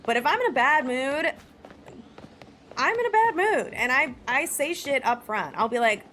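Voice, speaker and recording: A woman's voice: high voice, lively intonation, unhurried, long pauses, pushed and bright, a little hiss or hum. A woman streamer chatting casually with her live chat, blunt, swearing freely and laughing often.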